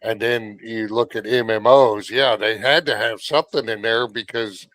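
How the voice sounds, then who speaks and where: A man on a gaming podcast calmly laying out his theory in casual talk. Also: fairly low pitch, moderate pace, no room sound.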